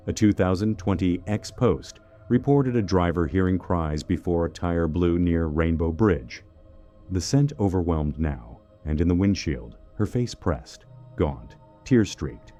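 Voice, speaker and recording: Male horror narrator, very deep and mellow, dramatic scripted delivery. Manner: dramatic first-person storytelling.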